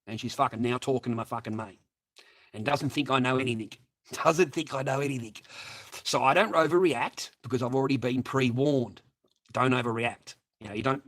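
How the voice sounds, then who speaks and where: A man's voice: mid-range voice, a bit bright. A man telling a crude casual anecdote, rambling and swearing constantly while calling his listeners mates and boys. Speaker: storyteller addressing viewers.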